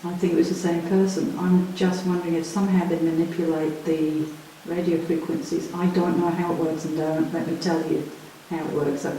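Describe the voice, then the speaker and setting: A woman hosting a live ghost hunt in a dark stone prison cell, chatting nervously to her viewers. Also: on the low side, little pitch movement, brisk, few pauses. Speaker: paranormal investigator and host. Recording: very echoey stone room with hiss.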